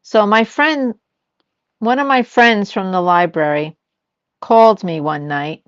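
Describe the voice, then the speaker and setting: A woman's voice: medium pitch, slow pace, clear, resonant tone, no echo, muffled recording. An older woman chatting casually as a host, telling family stories and acting out what people said. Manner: storytelling, acts out quoted lines. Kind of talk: casual chat.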